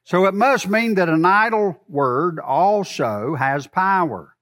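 High-voiced emphatic preaching man. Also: expressive, takes it slowly. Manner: swings from loud emphatic lines to soft low asides; asks the congregation questions. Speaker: pastor. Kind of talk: sermon.

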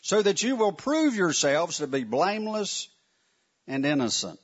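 A man preaching a Bible lesson with a husky, slightly raised voice that swings up and down a lot. He talks in a wry, chatty way and keeps asking his listeners questions, and the recording sounds dull and lo-fi. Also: sits high, very animated, measured pace. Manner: conversational, wry, asks the audience questions. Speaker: Bible teacher. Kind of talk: sermon teaching.

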